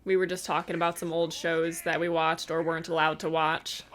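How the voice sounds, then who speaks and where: A woman's voice: sits low, flat delivery, brisk, a bit bright. A young adult woman streaming, chatting casually with her chat and laughing often between remarks.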